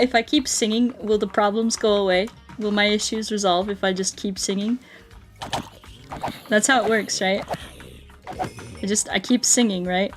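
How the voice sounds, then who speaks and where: A woman's voice: medium pitch, normal speed, faint music behind. A woman streaming a game, chatting playfully with her viewers and breaking into silly songs and mooing. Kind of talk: casual gameplay commentary.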